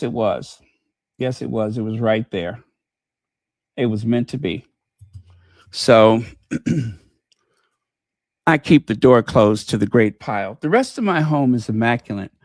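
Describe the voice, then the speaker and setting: A man's voice: medium pitch, animated, slow, long pauses, dry recording, clean studio sound. A man hosting his own podcast, talking in a folksy, chatty way and telling stories. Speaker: podcast host. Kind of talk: casual commentary.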